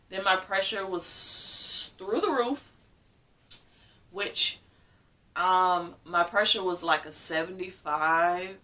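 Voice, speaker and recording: Bright-voiced woman telling an emotional story. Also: on the low side, distant mic. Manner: candid, emotional storytelling with acted-out quotes. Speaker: vlogger. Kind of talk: personal storytime vlog.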